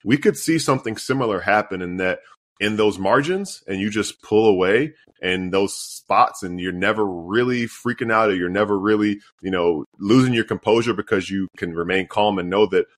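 A man's voice: lowish voice, moderate pace. A man co-hosting a sports podcast, chatting casually and playfully quizzing his partner. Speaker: podcast co-host.

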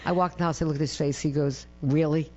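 Middle-aged woman, chatty interview guest, lively storyteller, muffled lo-fi sound. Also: deep voice, very fast, faint music behind. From Massachusetts. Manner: lively storyteller, acts out quotes, ends phrases with "right?". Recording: dull lo-fi with mains hum.

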